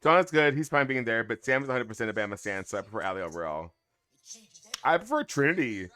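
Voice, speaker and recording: A man with a bright, forceful voice talks loosely to his live-stream chat. He jokes and calls his viewers y'all, and his pitch sits in a middle range. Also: very animated, fast. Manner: chatty, joking, addresses chat as y'all. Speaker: livestream host. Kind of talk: casual watch-along chat.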